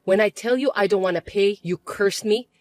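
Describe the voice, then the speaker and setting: A woman's voice: medium pitch, normal speed, no room sound, lightly acted. A woman voicing a hurt, hardworking young adult daughter in a synthetic story narration, speaking plainly and defensively.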